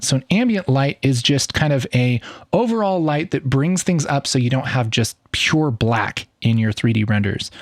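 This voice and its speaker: A man in his thirties walking through a software tutorial in a casual, upbeat and enthusiastic way. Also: mid-range voice, no room sound, studio quality. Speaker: video editing tutor. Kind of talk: casual screen-recorded tutorial.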